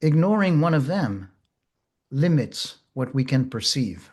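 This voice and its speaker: A man teaching therapists in a slow, gentle, measured way, pausing often. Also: mid-range voice, sing-song, slightly rough. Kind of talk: reflective teaching talk.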